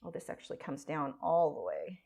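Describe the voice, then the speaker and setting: A woman's voice: low voice, big pitch swings, a little fast, creaky, darkish tone, breathy edge. A woman artist chatting casually on a live stream while she draws, rambling and self-deprecating.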